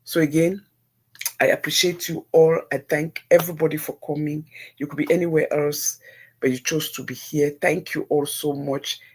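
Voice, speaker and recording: Husky-voiced Nigerian woman pleading earnestly. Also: deep voice, fairly even intonation, normal speed. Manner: earnest, pleading, repeats phrases for emphasis; preachy, religious. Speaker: livestream host. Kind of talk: casual advice talk to live viewers.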